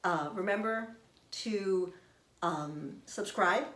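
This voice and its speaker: A middle-aged woman telling a personal story in an expressive, animated way. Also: mid-range voice, extremely slow. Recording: roomy echo.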